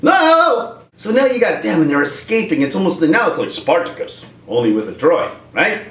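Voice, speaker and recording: A man's voice: fairly high pitch, very animated, fairly quick. A man giving a rambling, comic rant at home, breaking into voices. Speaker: video creator. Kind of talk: comedic rant. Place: room at home with a dog. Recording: roomy, distant from mic.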